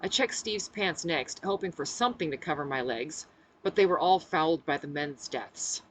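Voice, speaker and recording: Lively low-pitched woman reading her novel. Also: moderate pace, poor audio. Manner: expressive, acts out the dialogue. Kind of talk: audiobook-style first-person narration.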